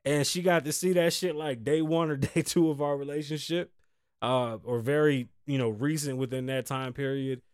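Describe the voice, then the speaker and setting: A man's voice: medium pitch, steady tone, normal speed, a little mellow, clear, resonant tone, dry recording, studio quality. A man hosting his own talk show, telling stories in a loose, profane, laughing way. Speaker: podcast host. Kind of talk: casual storytelling monologue.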